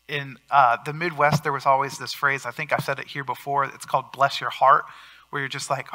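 A man preaching a sermon as pastor, earnest, with swings in loudness for emphasis. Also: fairly high pitch, fairly quick.

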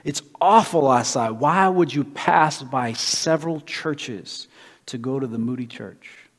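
A preacher voicing a kindly station attendant. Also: male voice, mid-range voice, unhurried. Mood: concerned. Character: kindly gas station attendant, older man. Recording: reverberant hall with guitar music.

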